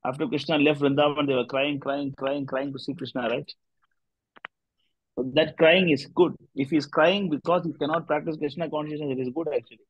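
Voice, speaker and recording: A man's voice: on the high side, fairly even intonation, fairly quick, lo-fi sound, a little hiss or hum. A man, a spiritual teacher leading a discussion group, telling a devotional story in a loose, rambling way with many "you know" fillers.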